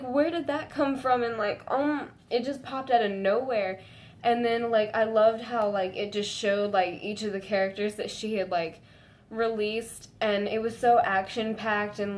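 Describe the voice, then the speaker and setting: A woman vlogging to her viewers in a gushing, excitable way, full of "like" fillers and breaking into high squeals. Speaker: fan vlogger. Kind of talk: casual chat to camera.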